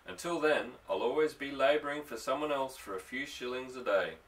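A man's voice: medium pitch, brisk, fairly bright tone, recorded from a distance, close to an everyday voice, low-quality recording. A male reader voicing an earnest young fisherman, coaxing and affectionate as he pleads.

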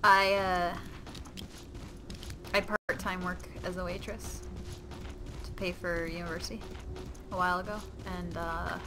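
A young woman giving excitable, giggly let's-play commentary at home while gaming. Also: on the low side, unhurried, long pauses. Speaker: gamer. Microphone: webcam or desk mic. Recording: noisy game audio behind.

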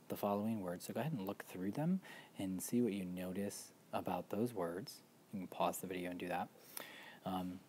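Deep-voiced man teaching a word lesson. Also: darkish tone, slight background noise. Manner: patient, explaining step by step with frequent ums. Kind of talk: instructional walkthrough.

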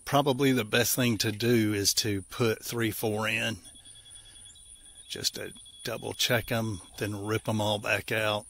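A man's voice: fairly low pitch, steady tone, unhurried, vocal fry, fairly bright tone, a little hiss or hum. A man with an Appalachian accent narrating outdoor work casually, out of breath and joking in folksy slang. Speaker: vlogger.

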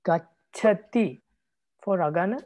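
A male monk leads a language lesson at an unhurried pace, repeating example words so students can hold on to them. His speech is halting and gentle, full of small pauses. The sound is dry and close, with no room echo. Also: sits high. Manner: patient, repeats words, many hesitations. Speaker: Buddhist monk teaching Pali. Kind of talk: classroom teaching.

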